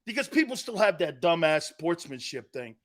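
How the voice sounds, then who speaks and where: Speaking at a moderate pace in a fairly high, sing-song voice, a man runs an opinionated sports radio rant. He's combative and blunt, imitating others to mock their opinions.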